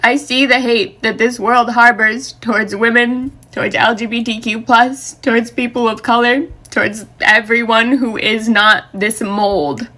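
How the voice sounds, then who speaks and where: A woman's voice: a little high, steady tone, measured pace, hardly any pauses, bright, forceful tone. A woman in a social media video, speaking earnestly and with passion about the election. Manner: earnest, impassioned.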